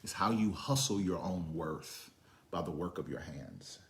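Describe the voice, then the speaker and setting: Man, pastor preaching, lowish voice, hushed whispers then loud storytelling. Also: animated, a little slow. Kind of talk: sermon.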